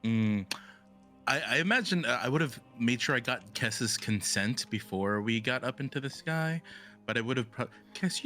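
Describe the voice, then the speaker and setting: Bright-voiced man rambling at the table. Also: on the low side. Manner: rambling, lots of fillers. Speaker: player. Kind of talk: playing a tabletop game.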